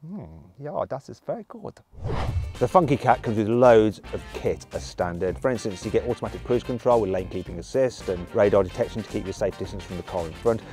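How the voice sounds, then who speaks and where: A man's voice: fairly low pitch, expressive, fairly quick, mellow, soft background music. A man from the English Midlands with a British accent, presenting a car review in an upbeat, playful, chatty way. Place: in and around a car.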